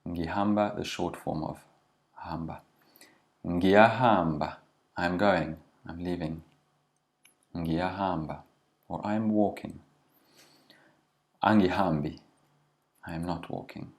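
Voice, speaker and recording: Male language teacher, very low voice, patient and explanatory. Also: creaky. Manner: patient, slows down to model pronunciation.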